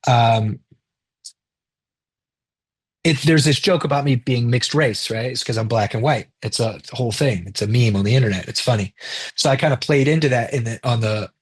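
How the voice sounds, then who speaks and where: Husky man, casual interview guest, chatty, swears casually, mid pitch. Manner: loose and chatty, swears casually, quotes others in quick bursts. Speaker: interview guest, film director.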